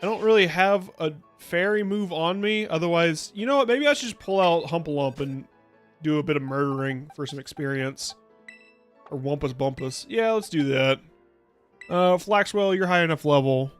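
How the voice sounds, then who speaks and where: A man with a voice on the high side speaks at normal speed over soft background music. He's a VTuber streaming a video game, giving casual let's-play commentary full of rambling jokes and frequent bursts of laughter.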